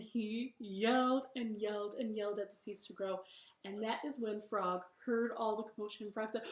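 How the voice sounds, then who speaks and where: A woman reading a picture book aloud for children's storytime, slowly and expressively, from her living room. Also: medium pitch, roomy sound. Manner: slow, expressive, playful. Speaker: library storytime reader.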